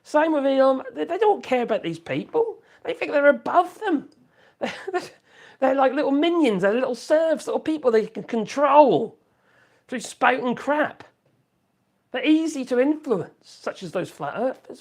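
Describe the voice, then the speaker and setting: A man's voice: very high voice, sing-song, unhurried, darkish tone. A man chatting casually on a live stream from his home office, rambling and reacting to viewer comments. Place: home office room with wood burner.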